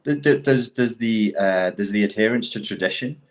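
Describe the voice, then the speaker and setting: A middle-aged man in casual conversation, talking in an animated, profane way and acting out quotes as he tells stories. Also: fairly low pitch, normal speed.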